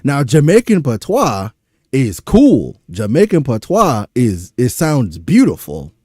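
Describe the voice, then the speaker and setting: A man's voice: mid-range voice, darkish tone, no echo, studio quality. A young man from Louisiana with a Louisiana accent, exasperated and profane, ranting through a reaction stream. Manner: exasperated, profane, rhetorical questions.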